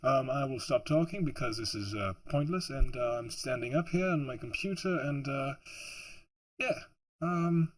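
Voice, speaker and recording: A man's voice: mid-range voice, lively intonation, moderate pace, slight background noise. A tired man in a put-on British accent, rambling and chuckling late at night. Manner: rambling, self-mocking, chuckling. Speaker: audiobook narrator.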